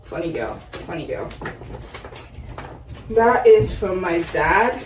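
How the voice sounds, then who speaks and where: A woman's voice: fairly low pitch, lively intonation, slow, a little mellow. A young woman vlogger unboxing birthday gifts in casual chat, gushing and exclaiming often. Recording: roomy echo, distant mic, faint noise.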